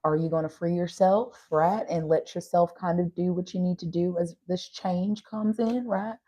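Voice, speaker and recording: A tarot reader talks at a normal speed in a fairly low, dark voice with a steady tone. She has a slight Southern country accent and is chatty but tired from an overnight drive, giving a casual reading, calling viewers y'all and adding frequent "right?" asides.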